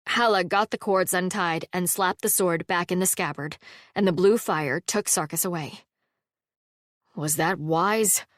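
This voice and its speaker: A woman narrating a cozy fantasy audiobook in a steady, wry storytelling manner on a close mic. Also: fairly low pitch, normal speed, dry recording. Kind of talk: scripted narration.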